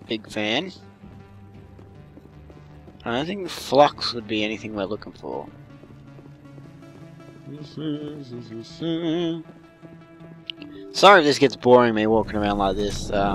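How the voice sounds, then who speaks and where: A man's voice: mid-range voice, fairly bright tone. A man giving casual, joking commentary while playing a game, rambling and unsure. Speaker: gamer.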